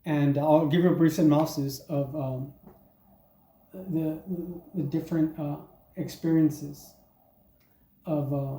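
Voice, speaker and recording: A man in his forties doing a crude stand-up monologue in a deadpan, halting way full of ums and uhs. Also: fairly high pitch, vocal fry. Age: 40s. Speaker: comedian. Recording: echoey room.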